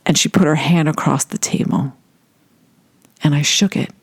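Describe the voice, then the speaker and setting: A woman telling a personal story in an animated way, laughing often as she recalls a first meeting. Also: deep voice, moderate pace, breathy edge, no room sound.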